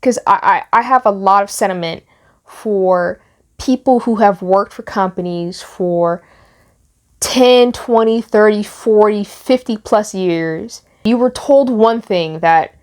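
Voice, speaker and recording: A woman's voice: mid-range voice, takes it slowly, darkish tone. A young woman vlogger giving heartfelt, rambling commentary on the news. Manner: emotional, rambling with restarts. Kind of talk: casual commentary.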